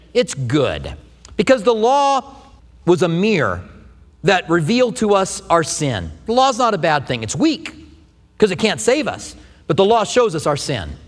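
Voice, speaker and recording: A middle-aged man preaching a sermon, telling stories with humor in an animated way. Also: high voice. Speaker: pastor. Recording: long hall reverb.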